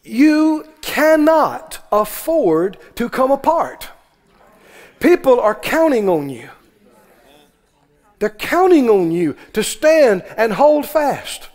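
A man's voice: extremely high pitch, big pitch swings, slow pace, a little mellow, big-room sound. A man preaching a sermon to a congregation, with fervent, repetitive exhortation.

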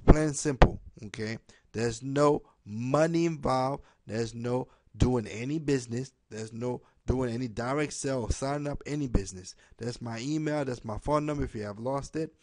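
A man making a direct appeal to camera, pleading and repeating himself, ending most lines with a low "okay?". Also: normal speed, a little mellow, no room sound. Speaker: home business promoter.

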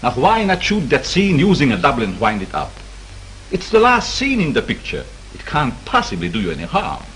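Calm, authoritative male studio boss, animated delivery, vintage film. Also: mid-range voice, a little fast, slight background noise, low-quality recording. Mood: decisive. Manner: calming, decisive. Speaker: studio executive.

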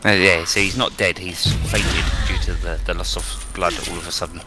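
A man's voice: low voice, steady tone, moderate pace, over music. A man chatting and joking while playing an online game with friends, reading quest text aloud. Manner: joking, playful. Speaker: gamer.

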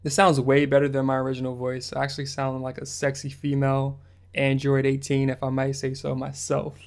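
A man's voice: medium pitch, completely flat delivery, a little fast. A man hosting a music production tutorial, talking through the steps in a laid-back, slangy way. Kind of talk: casual screen-recorded tutorial narration.

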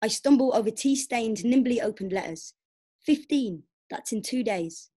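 A young woman performing spoken word poetry in a steady, plainspoken storytelling way. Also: on the high side, normal speed, breathy edge. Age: young adult. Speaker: poet.

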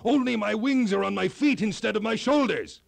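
A man's voice: mid-range voice, expressive, moderate pace, gravelly, no echo. Man doing King Brinna, a bold cheerful king. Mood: exhilarated. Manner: exclaiming, triumphant.

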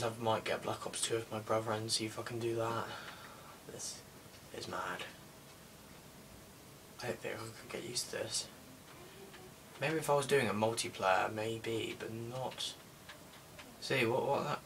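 A man's voice: medium pitch, steady tone, moderate pace, long pauses, noisy background. A young man commenting on a game he is playing, muttering and grumbling in an unenthusiastic way. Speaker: gaming video creator. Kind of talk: casual gameplay commentary. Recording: distant mic with music behind.

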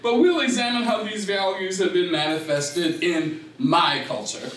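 An older man giving a lively, interactive lecture in a library room. He talks slowly and deliberately, laughs often, and quizzes his audience. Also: high voice, slight background noise. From Gullah Geechee community, South Carolina. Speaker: speaker. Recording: echoey room, from far off.

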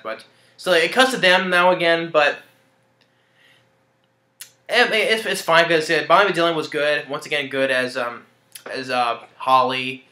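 A man's voice: mid-range voice, sharp tone. A man casually recapping a film in a rambling, hesitant way, with frequent restarts and chuckles. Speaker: movie reviewer. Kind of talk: casual spoken movie review. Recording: roomy echo.

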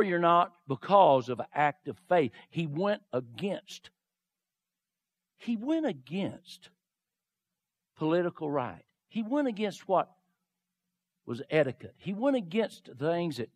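High-voiced male pastor, fervent sermon delivery, acts out the figures he retells. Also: very animated, measured pace, pauses often. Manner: preaches with dramatic retellings, swinging from low murmurs to shouts.

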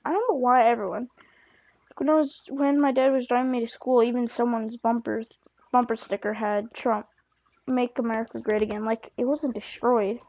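A woman's voice: a little high, steady tone, moderate pace, darkish tone, dull audio. A woman chatting over her gameplay, apologizing a lot and swearing at the game, her voice now and then cracking. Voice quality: voice keeps cracking. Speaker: gamer. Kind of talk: live gameplay commentary.

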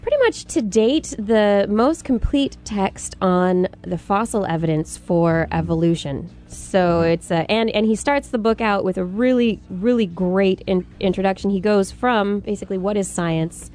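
Radio science co-host, woman, easy banter, laughs a lot, mid pitch. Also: normal speed, a little mellow. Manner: laughs often, friendly banter. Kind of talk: radio science talk show. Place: college radio studio.

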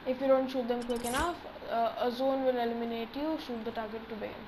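A gaming channel host giving excitable live commentary on his own play, talking to himself as he goes. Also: mid-range voice, fast, noisy background. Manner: excitable, talks to himself while playing.

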